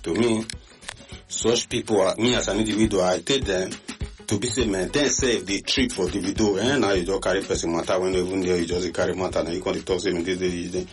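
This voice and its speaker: Lively Nigerian Pidgin radio host, man. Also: low-pitched, fast talker, soft background music. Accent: Nigerian Pidgin English. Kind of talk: call-in radio gossip talk.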